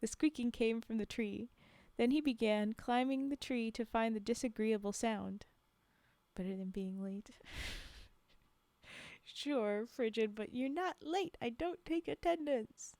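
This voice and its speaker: Slow-reading woman streamer, dry sound. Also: fairly high pitch, a little mellow, no echo. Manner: laughing asides to chat between read passages. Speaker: live stream storyteller. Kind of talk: reading folktales aloud with chat asides.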